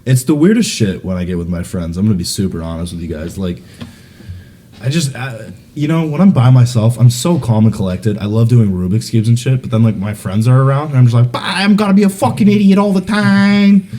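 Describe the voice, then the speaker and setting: A rowdy young guy with a lively, mellow voice. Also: brisk. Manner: rowdy storytelling, jumps into high silly voices and laughs often. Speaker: podcast co-host. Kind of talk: casual chat.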